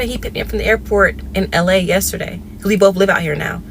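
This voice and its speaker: A woman from Georgia telling a story in a casual, animated way, acting out phone dialogue with big jumps in pitch. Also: brisk, hardly any pauses, slight background noise. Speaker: storyteller in a viral clip.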